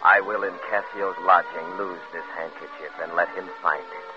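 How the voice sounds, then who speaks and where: An actor playing a sly, scheming villain in a 1950s radio drama, speaking in smooth, insinuating tones on an old radio broadcast. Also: male voice, deep voice, fairly even intonation, normal speed, dull audio, over loud music, lightly acted.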